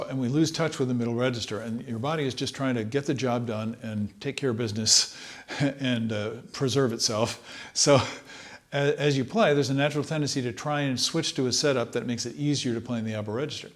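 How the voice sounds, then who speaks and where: A man teaching trumpet, talking in a relaxed, thoughtful way and sometimes singing short phrases to demonstrate. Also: mid-range voice, a little fast. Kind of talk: instructional talk.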